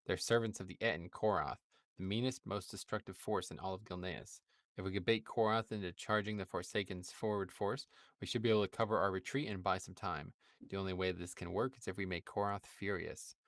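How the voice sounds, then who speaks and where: A man's voice: low-pitched, steady tone, a little fast, fairly bright tone, dry recording. A man reading out the lines of an urgent male human military leader in a plain voice. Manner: plain read-aloud of quest text. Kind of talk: reading game dialogue aloud.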